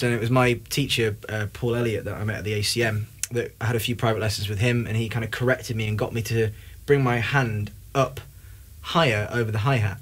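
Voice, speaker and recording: Chatty young drum teacher. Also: male voice, fairly low pitch, fairly bright tone. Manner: upbeat, chatty, demonstrating on the kit. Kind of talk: casual drum lesson. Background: drum kit playing.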